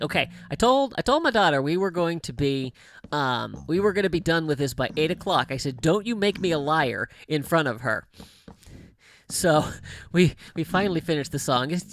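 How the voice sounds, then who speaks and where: A man's voice: fairly high pitch, vocal fry, slight background noise. A middle-aged man chatting on a livestream, telling stories with laughs and many restarts. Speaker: streamer. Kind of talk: casual livestream chat.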